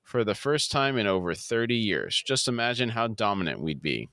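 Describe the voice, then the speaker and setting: A man reading as a smooth corporate liaison. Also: on the low side, sing-song, normal speed, bright, forceful tone, no room sound, exaggerated voice. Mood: persuasive.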